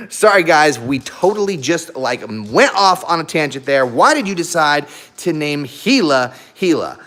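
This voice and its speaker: A man with a somewhat high voice hosts a relaxed live stream from home. His delivery is very animated and swoops up and down as he chats with viewers. He laughs often and keeps stopping to coax his dogs. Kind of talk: casual live stream chat.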